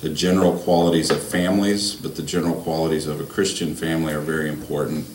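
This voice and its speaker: A man with an extremely deep voice speaks casually and haltingly, pausing on fillers. He sounds distant from the microphone in an echoey room, with faint ambient noise. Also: flat delivery. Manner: hesitant, many fillers. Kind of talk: casual remarks in a class.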